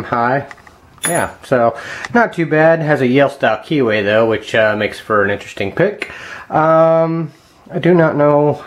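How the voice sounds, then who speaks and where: A man casually talking viewers through picking a lock at his home workbench, thinking aloud with frequent ums and quiet mutters. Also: mid-range voice. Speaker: lockpicking hobbyist. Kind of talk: casual hands-on demonstration vlog.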